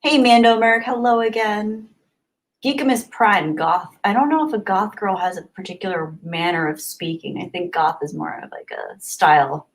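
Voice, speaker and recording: A woman's voice: medium pitch, moderate pace. A woman streamer chatting casually with her viewers, reading their comments aloud, rambling and giggling often. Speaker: live streamer.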